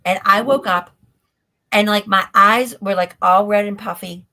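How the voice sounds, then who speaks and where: A woman's voice: medium pitch, fairly even intonation, a little slow, pushed and bright. A woman, a guest on a live stream, telling a story in a breathless run-on way that is full of "like". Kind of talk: storytelling in an interview. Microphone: stream call mic.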